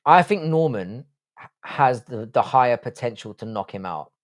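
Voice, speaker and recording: A man's voice: medium pitch, animated, moderate pace. A man hosting a casual live stream, reading chat aloud and answering in a blunt, profane way.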